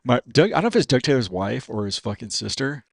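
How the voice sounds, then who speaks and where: Fast-talking, profane storyteller man. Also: mid-range voice, vocal fry, no echo. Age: 50s. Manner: profane and animated, says "dude" constantly. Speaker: podcast guest, racer. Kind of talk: casual storytelling.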